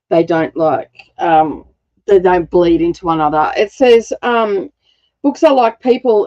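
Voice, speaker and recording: A woman's voice: low-pitched, mellow, highs cut off. A middle-aged woman hosting a craft livestream. She chats casually and rambles, laughing often and using lots of fillers. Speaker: craft channel host.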